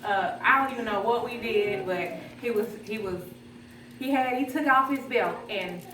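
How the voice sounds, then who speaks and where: A woman's voice: fairly high pitch, moderate pace, slight background noise. Woman fondly remembering her grandfather. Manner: storytelling, fond and gently humorous. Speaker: granddaughter giving a eulogy. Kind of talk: emotional memorial speech. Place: church funeral service. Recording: echoey hall, distant mic, crowd.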